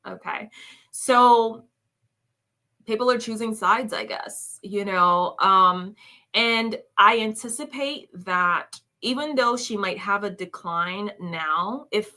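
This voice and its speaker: A woman with a medium-pitched, pushed, bright voice speaks slowly while running a casual commentary livestream. She chats away, reads comments out, laughs and exclaims at them, and refers to her audience as "y'all."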